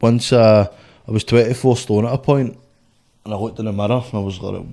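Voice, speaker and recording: A man's voice: lowish voice, fairly even intonation, fairly quick, dark tone. A young Scottish man, a boxer, telling stories in a blunt, sweary, rambling way on a casual podcast. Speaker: guest, boxer.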